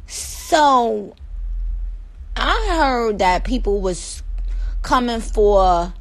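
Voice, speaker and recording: A woman's voice: fairly high pitch, expressive, rough recording. Sassy New York woman chatting on a livestream. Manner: sassy, playful, drawn-out words. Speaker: livestream host. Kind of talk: casual livestream chat to viewers. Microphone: phone.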